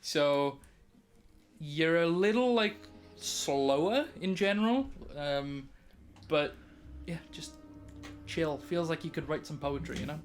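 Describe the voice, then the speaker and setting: A game master, narrating a tabletop game in a relaxed, sweary, laughing way. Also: mid-range voice, takes it slowly, faint music behind.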